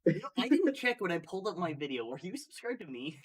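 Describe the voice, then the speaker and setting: A man who handles the stream's tech speaks in a voice set a little high. He is dry and matter-of-fact. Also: big pitch swings, fast, slightly rough, recorded from a distance. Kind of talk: casual livestream chat.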